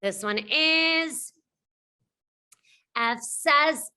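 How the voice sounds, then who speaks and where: Young woman teacher, very slow, encouraging phonics delivery for young learners. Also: sits high, animated, pushed and bright. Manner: slow, encouraging, models sounds. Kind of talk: children's phonics lesson.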